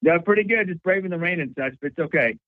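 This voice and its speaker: A man calling in to a radio show who speaks in an eager, friendly, rushed way. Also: a little high, lively intonation. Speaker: caller. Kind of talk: phone-in chat. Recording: tinny phone line, dry.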